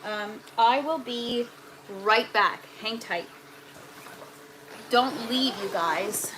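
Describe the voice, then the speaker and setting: A woman's voice: fairly high pitch, very slow, a bit bright, slight background noise, poor audio. A woman, hosting a casual gardening livestream from her indoor grow tent and chatting with viewers as she works. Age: 30s. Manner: chatty, talks to viewers and reads their comments aloud. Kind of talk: casual live-stream chat.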